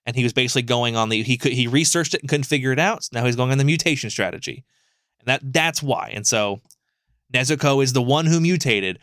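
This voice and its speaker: Rambling, animated podcast co-host man. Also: mid-range voice, fast talker, no room sound, studio quality. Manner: animated, rambling storytelling with frequent fillers and swearing. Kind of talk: casual podcast chat.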